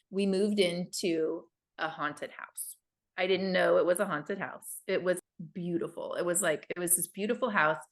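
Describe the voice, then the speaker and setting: A woman co-hosting a podcast, telling a personal story in a casual, animated chat and acting out the voices of the people in it. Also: fairly low pitch. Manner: animated, acts out quoted voices. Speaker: podcast co-host.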